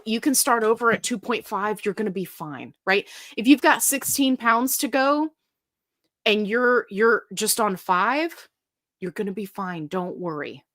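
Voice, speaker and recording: A middle-aged woman hosting a live stream, chatting casually as she reads viewer comments aloud and answers questions. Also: medium pitch. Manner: chatty and animated, reads comments aloud, breaks into silly sung bits.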